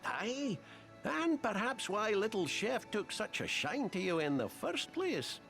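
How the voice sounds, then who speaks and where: A man's voice: high-pitched, very animated, measured pace, vocal fry, faint music behind, exaggerated voice. An actor playing a genial, folksy male restaurant backer in a video game cutscene, full of old sayings. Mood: fond. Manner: folksy, warm-hearted speech with old sayings.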